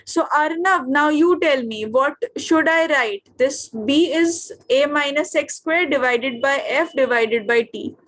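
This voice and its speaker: A high-pitched woman with an Indian English accent teaches a physics class over a video call. She keeps stopping to ask her students what comes next and whether it is clear. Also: unhurried, hardly any pauses, a bit bright. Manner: questioning, checks understanding often.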